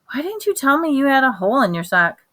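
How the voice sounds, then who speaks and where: Woman voicing a storybook mother, fussy, anxious, hushed scolding. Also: high voice, big pitch swings, quick pace, pitched above the performer's own voice, heavily acted. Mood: coaxing. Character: fussy, easily embarrassed mother.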